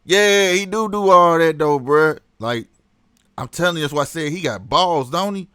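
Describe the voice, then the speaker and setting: A man's voice: on the high side, moderate pace, clear, resonant tone, no room sound. A man hosting a casual livestream, talking animatedly to his chat, laughing often. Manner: animated, laughs a lot, reads chat aloud. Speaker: livestream host.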